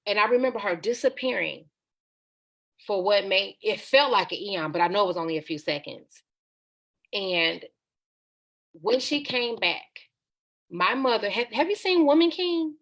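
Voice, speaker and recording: Woman guest on a podcast telling her story straight, a bit of fry in the voice. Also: medium pitch, lively intonation, measured pace, long pauses, a bit bright. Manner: candid, conversational, slips into acted quotes. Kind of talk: personal storytelling interview.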